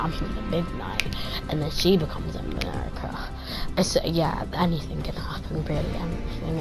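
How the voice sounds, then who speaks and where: An excitable woman with a fairly low voice rattles through a casual movie review, throwing in pew-pew sound effects. She rambles and sometimes trails off into quiet asides, with a little faint music behind her.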